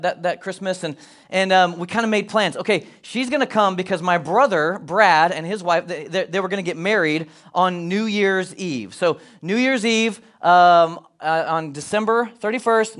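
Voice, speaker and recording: A man in his forties, from Colorado, telling a personal story to an audience with animated, self-deprecating humor and joking asides. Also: high-pitched. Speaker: speaker addressing an audience.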